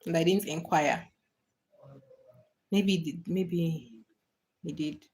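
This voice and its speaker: A woman's voice: fairly low pitch, steady tone, slow pace, a little mellow, slight background noise. A woman hosting a casual livestream, answering viewers' comments with frequent laughter and repeated, restarted phrases. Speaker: livestream host.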